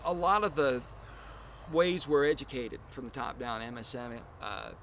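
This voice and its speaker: A man's voice: medium pitch, animated, moderate pace, fairly bright tone, slight background noise. A man hosting a casual podcast chat, talking in long, earnest, rambling explanations. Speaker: podcast host.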